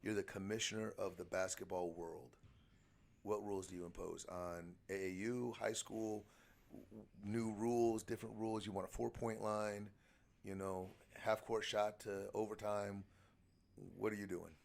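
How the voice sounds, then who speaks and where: A middle-aged man, hosting a casual podcast and telling lively coaching anecdotes. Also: lowish voice, moderate pace, vocal fry. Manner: chatty storyteller, animated anecdotes. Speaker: podcast host, shooting coach.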